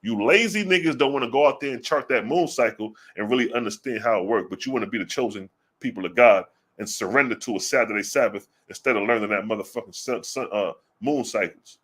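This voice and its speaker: A man's voice: medium pitch, a bit bright. Blunt, profane man preaching casually. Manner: blunt, profane, rhetorical questions; reads scripture slowly and deliberately. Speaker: religious commentator. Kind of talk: casual religious commentary.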